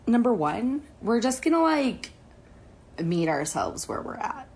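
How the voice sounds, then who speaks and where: A woman's voice: a little high, sing-song, unhurried, a little mellow. A woman in her thirties co-hosting a podcast, talking candidly in casual chat, swearing and laughing often. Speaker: podcast co-host.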